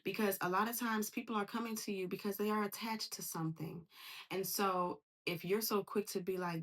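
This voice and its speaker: Husky-voiced woman giving a slangy tarot reading. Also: mid-range voice, brisk. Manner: animated, slangy, acts out quoted voices. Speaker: tarot reader. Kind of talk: casual tarot reading monologue.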